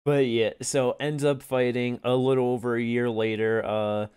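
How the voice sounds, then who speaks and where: A man's voice: mid-range voice, level tone, normal speed, a little mellow, clear, resonant tone. A man co-hosting a casual MMA podcast, talking loosely, swearing and laughing often. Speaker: podcast co-host.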